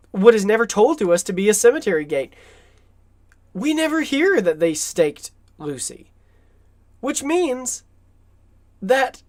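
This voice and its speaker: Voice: medium pitch, no echo. A film commentator talking casually and enthusiastically over movie clips, chatty and often laughing.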